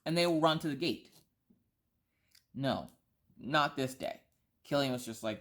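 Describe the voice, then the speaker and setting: A woman's voice: low voice, expressive, normal speed. A woman in her thirties who vlogs, chatting and telling a rambling story full of asides and restarts. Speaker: vlogger. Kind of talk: casual storytelling chat.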